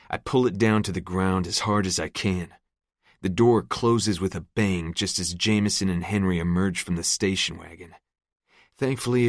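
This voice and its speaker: Male narrator, very low voice, dry close mic, gritty profane first-person read. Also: no echo. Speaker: audiobook narrator.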